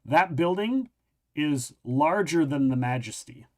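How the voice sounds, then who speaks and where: Halting male game master. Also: fairly high pitch, animated. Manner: halting, many restarts, searches for words. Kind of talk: narrating a tabletop game.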